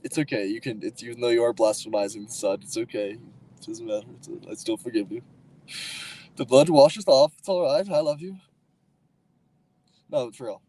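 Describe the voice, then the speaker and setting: A man's voice: medium pitch, fairly quick, dark tone, poor audio. A man hosting a livestream, rambling and arguing with his chat in a loose, profane way, full of fillers and restarts. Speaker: livestream host. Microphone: streaming mic.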